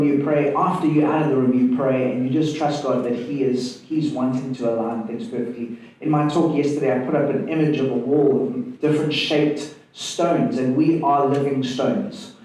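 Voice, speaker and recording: Measured man in an echoey hall. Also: medium pitch, mellow, distant mic. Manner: measured, reflective, speaks of prayer and faith. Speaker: panelist. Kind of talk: panel discussion.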